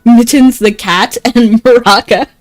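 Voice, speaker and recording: A woman's voice: on the high side, unhurried, no room sound, faint music behind. A young woman chatting casually and rambling while playing and reading a game. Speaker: game streamer. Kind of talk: casual gameplay chat.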